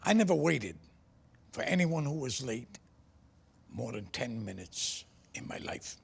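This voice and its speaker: A man's voice: mid-range voice, big pitch swings, unhurried, creaky, slightly rough, heavily acted. An actor playing a stubborn man who speaks in a firm, blunt way.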